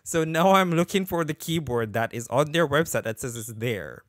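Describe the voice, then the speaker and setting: A man's voice: on the high side, expressive, normal speed, no room sound, clean studio sound. A man hosting a casual podcast, telling a long story that drifts off on tangents before getting back on track. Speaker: podcast host.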